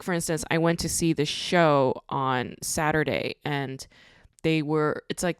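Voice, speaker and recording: A woman's voice: sits low, smooth, no room sound, clean studio sound. A woman hosting a podcast, talking casually in a blunt, ranting way and swearing freely. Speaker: podcast host. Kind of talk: casual monologue.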